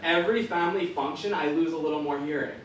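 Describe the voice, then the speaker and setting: A young man performing a stand-up comedy set in a club, delivering punchy one-liners with a deadpan turn. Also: on the high side, fast talker, a little hiss or hum. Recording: echoey club recorded from far off. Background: audience laughing.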